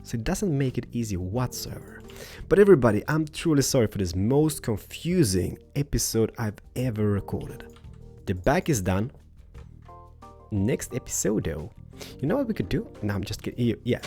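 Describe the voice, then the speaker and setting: A young man hosting a casual building tutorial, rambling playfully with loud bursts and a voice that is wearing thin. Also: on the low side. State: losing his voice. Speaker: host. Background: background music.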